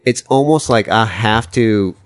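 A young man hosting a casual chat, excitable and rambling, quick to laugh. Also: on the low side, no room sound.

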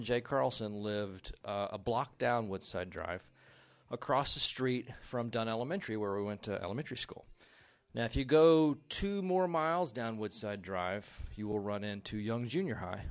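A man from Texas telling a personal story to an audience in a measured, scene-setting way. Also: fairly low pitch.

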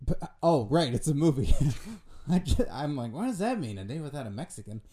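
A man co-hosting a comedy podcast, chatting and joking in quick banter. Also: mid-range voice, very animated, a crowd in the background. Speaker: podcast co-host.

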